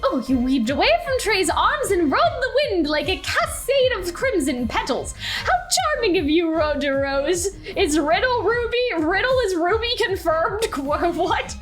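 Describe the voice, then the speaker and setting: A woman's voice: very high-pitched, a bit bright. A young woman streaming a game, reading the dialogue aloud and breaking into gushing, laughing fan reactions. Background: faint game music.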